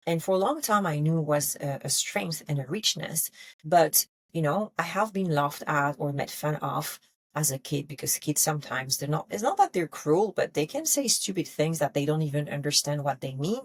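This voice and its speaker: Low-voiced woman coach, reflective podcast talk. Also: no room sound. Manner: reflective, gentle, pausing to restart phrases. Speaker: feminine embodiment coach, podcast host.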